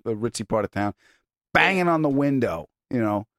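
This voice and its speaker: A middle-aged man hosting a podcast in casual chat, laughing often and jumping high when quoting people. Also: lively intonation, normal speed, a bit bright, no echo, clean studio sound. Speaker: podcast host.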